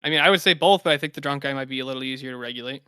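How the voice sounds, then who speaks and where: A man's voice: mid-range voice, racing, pushed and bright, smooth, dry recording, studio quality. A man on a streamed panel, arguing his points in casual debate and often restarting his sentences. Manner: hesitant, restarts before making his point. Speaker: panel guest.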